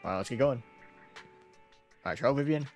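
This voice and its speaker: A man streams a story game, reading the narration aloud and chatting casually between lines. He is quick to laugh, and faint music plays behind him. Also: medium pitch, animated, darkish tone. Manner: chatty, giggly. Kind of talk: casual let's-play commentary and reading narration.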